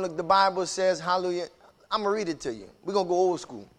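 A man preaching in a casual, emphatic way, repeating himself and building up to shouts. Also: high voice, sing-song, a little fast, gravelly. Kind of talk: preaching-style casual talk.

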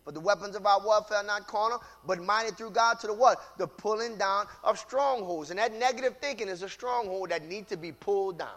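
A man preaching a sermon with call-and-response phrases, repeating lines and building into shouts. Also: high-pitched, a little fast, hardly any pauses.

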